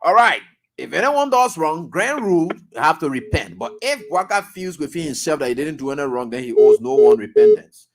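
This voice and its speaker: A man with a Liberian accent hosting a radio call-in show, brisk and quick to laugh, hurrying callers along. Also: fairly high pitch, huge pitch swings. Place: radio studio.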